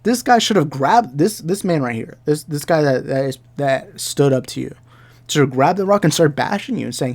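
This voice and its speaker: Animated and fairly quick, with a somewhat high, slightly mellow voice, a young man on a commentary YouTube channel rants in angry reaction commentary, going over the same points again and again.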